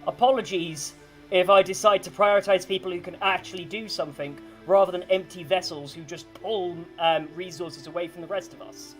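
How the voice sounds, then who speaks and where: A pompous, officious male chamberlain, as a game master puts him on. He speaks coldly and quickly, defending himself with smug certainty in a tabletop game. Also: medium pitch, soft background music, lightly acted, rough recording. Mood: haughty. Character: stiff self-righteous male town chamberlain.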